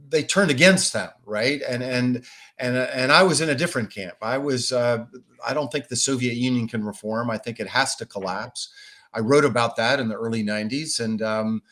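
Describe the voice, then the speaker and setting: A man's voice: mid-range voice, a bit bright. A man being interviewed as a Russia expert, answering at length in a thoughtful, conversational way with frequent restarts.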